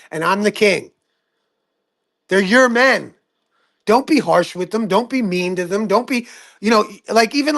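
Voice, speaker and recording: A man leading a casual group discussion, talking emphatically in quick bursts and swearing freely. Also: high voice, a bit bright.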